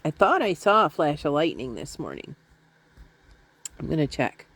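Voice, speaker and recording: A woman's voice: low-pitched, wildly swooping pitch, normal speed, a bit bright, husky. A middle-aged woman talking to her viewers from home in a rambling, chatty, self-deprecating way. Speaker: vlogger. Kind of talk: casual chat to camera. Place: at home, indoors.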